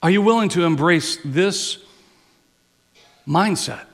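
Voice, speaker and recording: A man preaching in a church sanctuary, his voice sitting high for a man and ringing out into a long hall reverb. He takes his time, rising into emphatic swells and sinking to quiet, low phrases. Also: slow, creaky. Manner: repeats words and restarts phrases. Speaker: pastor. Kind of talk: sermon.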